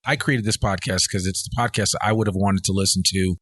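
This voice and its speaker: A middle-aged man with a Boston accent, hosting a casual podcast interview, warmly affirming his guest and restarting his sentences. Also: deep voice, fairly even intonation, a little fast, breathy edge, no echo. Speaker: podcast host.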